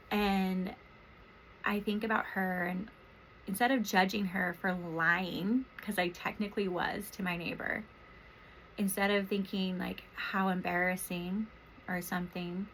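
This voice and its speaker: Soft-spoken, emotional woman therapist. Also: mid-range voice, a little hiss or hum, rough recording. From Washington State, US. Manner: soft, emotional, rambling with many fillers. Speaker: therapist and podcast host. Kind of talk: reflective personal monologue.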